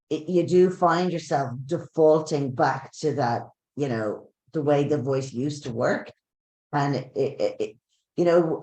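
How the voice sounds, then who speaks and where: Halting man hosting, roomy echo. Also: a little high, a little mellow. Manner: halting, self-correcting, repeats words. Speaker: webinar host. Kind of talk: casual chat. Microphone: video call.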